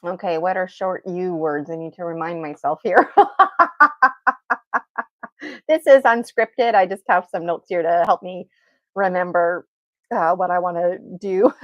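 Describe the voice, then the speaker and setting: A woman's voice: lowish voice, a little slow, long pauses, no room sound, highs cut off. A woman teaching an unscripted guided vocal exercise, encouraging and laughing often as she draws out vowel sounds. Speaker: voice and breathing teacher.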